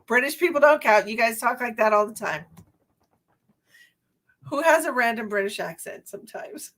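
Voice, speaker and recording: A middle-aged woman chats on a live stream in a slightly high voice, breaking into giggles again and again. She is a psychic medium talking loosely with her viewers. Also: lively intonation, normal speed, fairly bright tone. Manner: giggly, laughs often, chatty. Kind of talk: casual live-stream chat.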